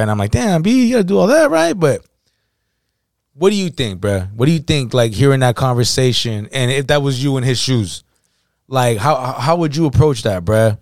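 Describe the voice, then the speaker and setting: A man's voice: mid-range voice, no room sound, studio quality. A man co-hosting a casual podcast, telling a story in heavy slang and acting out the quoted dialogue. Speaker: podcast co-host.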